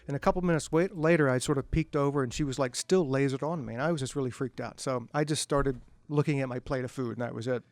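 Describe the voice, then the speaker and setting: A man's voice: mid-range voice, quick pace, few pauses, no room sound. Middle-aged man telling funny stories. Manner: relaxed anecdotal delivery with self-deprecating humor. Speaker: author speaking at a book event. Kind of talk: humorous storytelling talk to an audience. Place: bookstore event.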